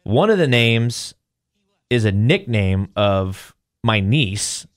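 A man's voice: lowish voice, takes it slowly, no echo, studio quality. A male podcast host retells a story casually, acting out quotes as he goes. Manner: animated retelling, acts out quotes.

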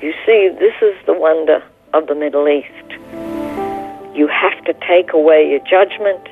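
A woman's voice: low-pitched, a little slow, soft background music. A middle-aged woman, a guest, earnestly telling a personal story in an interview. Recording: tinny phone line.

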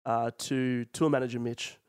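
A man's voice: medium pitch, level tone, moderate pace, clean tone, no room sound. A young Australian man co-hosting a comedy podcast, rambling in a mock-formal way into a close mic. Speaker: podcast co-host. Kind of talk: casual comedy podcast chat.

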